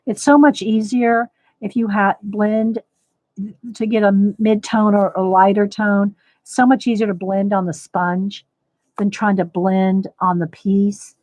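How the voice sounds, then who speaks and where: Woman, live coloring demo host, casual chat, mid pitch, dry close mic. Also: a little mellow, no echo. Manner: chatty, thinks aloud, greets viewers by name. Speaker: livestream host demonstrating coloring.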